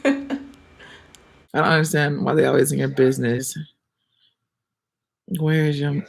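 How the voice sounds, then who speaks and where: Woman livestreamer with a gravelly edge, answering viewers defensively in casual slang. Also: low voice, flat delivery, unhurried, pauses often. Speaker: livestreamer reading comments.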